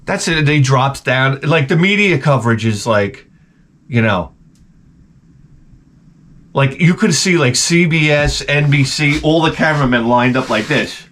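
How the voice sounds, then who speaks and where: A man's voice: mid-range voice, lively intonation, fairly quick, fairly bright tone, slight background noise. A hungover man vlogging in a rambling, profane comedic monologue. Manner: rambling, profane, crude humor.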